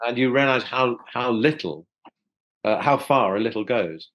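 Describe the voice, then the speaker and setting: A man's voice: mid-range voice, expressive, moderate pace, fairly bright tone, muffled recording. A man from South London, a voice actor guest, chatting thoughtfully in an interview over a video call with many small restarts. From South London, England. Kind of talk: casual interview chat.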